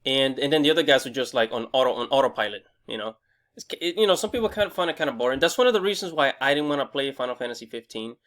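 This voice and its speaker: A young man hosting a casual game review vlog, excitable and rambling, swearing freely and restarting his sentences often. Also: medium pitch, racing. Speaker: gaming video host.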